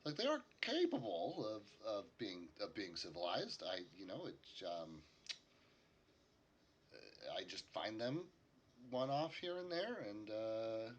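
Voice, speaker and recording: A man voicing an easygoing male logging camp boss in a tabletop game, speaking haltingly with many fillers. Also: on the low side, wildly swooping pitch, muffled recording, slight background noise, heavily acted. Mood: matter-of-fact.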